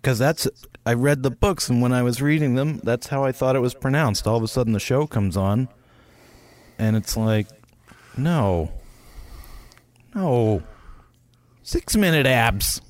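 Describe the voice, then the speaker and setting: A man's voice: medium pitch, fairly even intonation, moderate pace, a little mellow. A man co-hosting a podcast in loose, laid-back casual chat, laughing often and swearing freely. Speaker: podcast co-host.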